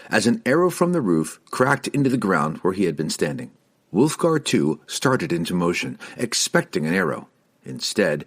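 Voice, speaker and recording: A man narrating an audiobook in an expressive reading style. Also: low voice. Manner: expressive reading, shifting into character voices.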